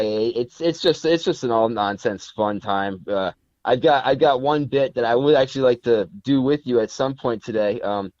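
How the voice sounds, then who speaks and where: A man from Connecticut appears as a podcast guest in a casual interview, rambling with plenty of fillers and restarts. His voice is fairly low, with no echo, on a dull lo-fi recording.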